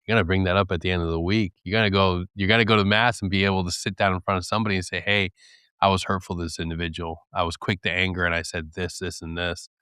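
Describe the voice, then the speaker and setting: Man, deep smooth voice, candid and earnest in podcast talk, dry close sound. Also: level tone, fast, pushed and bright, dry recording. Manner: earnest, candid storytelling with acted quotes and laughs. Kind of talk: casual podcast chat.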